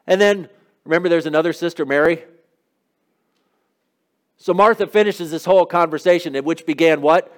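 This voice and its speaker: A man's voice: a little high, normal speed, long pauses. A man preaching a sermon, asking the congregation questions in an emphatic way. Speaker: pastor.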